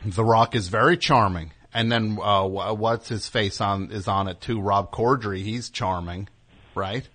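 Low-voiced rambling talk-show host man. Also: unhurried, fairly bright tone. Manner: rambling, riffing, sarcastic. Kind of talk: casual comedic talk-show banter.

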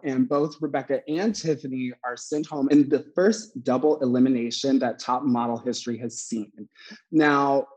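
A man's voice: mid-range voice, a little mellow, rough recording. A man hosting a podcast as a drag performer, telling stories in chatty, casual talk and laughing often. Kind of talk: casual chat recapping a TV show.

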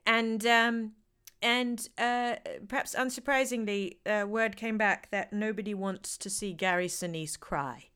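A woman's voice: medium pitch, unhurried, clear, resonant tone. A woman in her forties, an actor, chatting casually and telling stories with lots of laughter. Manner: lively, laughing storyteller. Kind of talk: casual conversation.

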